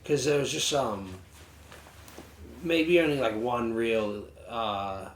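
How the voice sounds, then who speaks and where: A man's voice: mid-range voice, slow. A man co-hosting a casual music review chat, rambling with many fillers and restarts. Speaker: podcast co-host. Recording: roomy sound with faint ambient noise.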